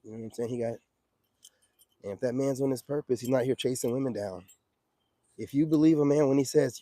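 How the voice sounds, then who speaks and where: A man's voice: mid-range voice, lively intonation, fairly quick, pauses often, warm tone, no echo. A man hosting a casual livestream, giving streetwise dating advice in a preachy manner and reacting to viewer comments.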